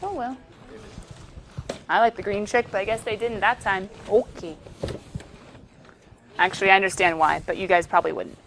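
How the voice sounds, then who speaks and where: A woman's voice: mid-range voice, a little fast, a bit bright. A woman teaching a math class, chatty and playful, often talking to herself as she works through problems. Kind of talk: classroom lecture. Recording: faint background noise.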